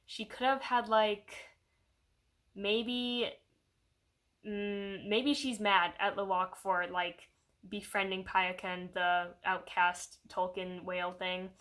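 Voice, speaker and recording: A woman's voice: mid-range voice, slow pace. Young woman vlogger, chatty reviewer, lots of "like"s, mid-range voice, jumps into quoted voices. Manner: rambling, animated, heavy use of "like"; puts on voices when quoting characters. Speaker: video reviewer. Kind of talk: casual spoken movie review.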